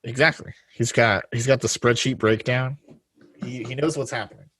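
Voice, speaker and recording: A man co-hosting a casual podcast, recorded dry and close with no room sound. His voice sits at a middle pitch. He is wry and often sinks low and quiet to sum a point up. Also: steady tone, moderate pace, breathy edge, no echo. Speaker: podcast co-host. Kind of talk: casual chat.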